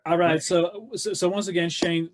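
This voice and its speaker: A man's voice: high voice, steady tone, normal speed. Rambling man hosting a webcast. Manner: rambling, repeats words when wrapping up. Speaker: host. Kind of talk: casual chat.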